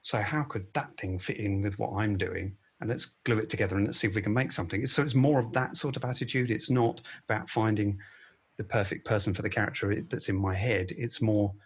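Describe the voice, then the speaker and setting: A low-voiced, husky man talks about directing, his answers halting and full of small restarts. He comes through over a video call. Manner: hesitant, with many fillers and restarts. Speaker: film director. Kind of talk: interview answers.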